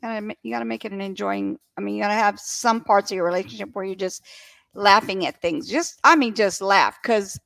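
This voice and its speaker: A woman's voice: medium pitch, brisk, gravelly, fairly bright tone, no room sound. A woman co-hosting a casual relationship chat, upbeat and emphatic. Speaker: podcast co-host.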